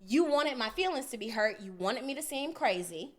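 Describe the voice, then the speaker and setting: A woman's voice: on the high side, lively intonation, moderate pace. A woman co-hosting a podcast, telling a story in a casual, profane way and acting out both sides of the argument. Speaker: podcast co-host.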